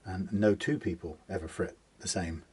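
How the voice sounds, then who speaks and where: A man's voice: low voice, steady tone, normal speed, a little mellow, slightly rough. A man talking casually through a guitar setup in his workshop, rambling and muttering to himself as he works. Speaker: guitar technician. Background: guitar being plucked.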